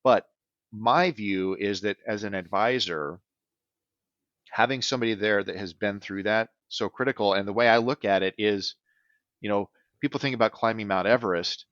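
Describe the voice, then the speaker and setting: Earnest low-voiced man, dull dry audio. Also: moderate pace, a bit bright, dry recording. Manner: earnest, repeats "right?" often. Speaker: business transition advisor. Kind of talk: podcast interview answers.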